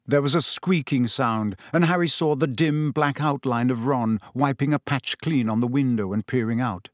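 A man narrating a storybook in a steady, measured storytelling manner. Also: medium pitch, no room sound, studio quality. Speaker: audiobook narrator.

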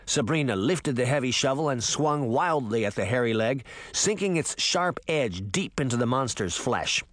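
A man narrating a fantasy audiobook in a dramatic, expressive reading style. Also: medium pitch, normal speed, no echo. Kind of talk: scripted narration.

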